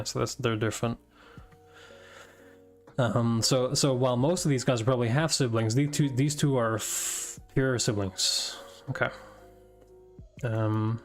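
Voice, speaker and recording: A man reads a comic aloud at an unhurried pace, his voice sitting in a middle register. He muses aloud with plenty of fillers and sudden surprised outbursts. Soft guitar music plays faintly underneath. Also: mid-range voice. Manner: thinks aloud with fillers, bursts into surprised laughter and swearing. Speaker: host reading manga aloud. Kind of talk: casual reaction reading.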